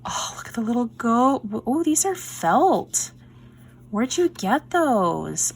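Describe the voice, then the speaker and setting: A woman in her thirties chatting casually as she unboxes craft mail, gushing and excitable, sometimes dropping to a soft whisper. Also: on the high side, takes it slowly, a little hiss or hum. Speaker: craft vlogger.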